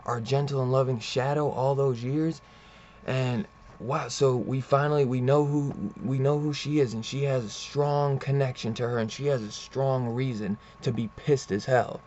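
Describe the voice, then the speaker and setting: A man's voice: medium pitch, fairly even intonation, normal speed, a little mellow. Young male comic reviewer, rambling and full of fillers, muffled lo-fi audio with faint hiss. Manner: rambling, filler-heavy, enthusiastic. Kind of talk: casual comic review vlog.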